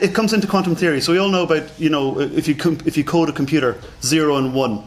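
A man's voice: on the high side, animated, quick pace, hardly any pauses, noisy background. A man with a noticeable accent giving a conference lecture, chatty and self-deprecating, with many fillers. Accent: non-standard English accent. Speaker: conference speaker.

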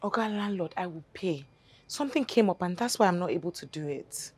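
An actress playing a timid young cleaner with a Nigerian accent, apologetic and pleading in a film drama. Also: female voice, lowish voice, lively intonation, darkish tone, husky. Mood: weary. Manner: pleading, apologetic, fast rushed phrases. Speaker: office cleaner.

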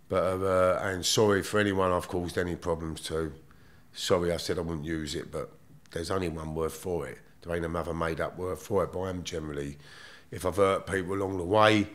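A middle-aged man with a London accent, telling his story bluntly and with plenty of swearing as a guest in a casual interview. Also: deep voice.

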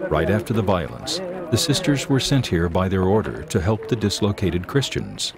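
A man reading scripted documentary narration in a measured, even delivery. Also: sits low, a crowd in the background.

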